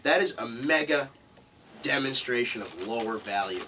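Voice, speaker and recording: A man's voice: medium pitch, expressive, moderate pace, bright, forceful tone, a little hiss or hum. A man teaching a live seminar to a group, emphatic and repeating key points, recorded from a distance. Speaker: seminar instructor.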